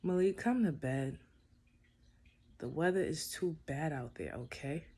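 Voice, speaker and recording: A man voicing a shy young woman who speaks in a soft, sleepy murmur in a spoken love story. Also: on the high side, steady tone, normal speed, natural voice.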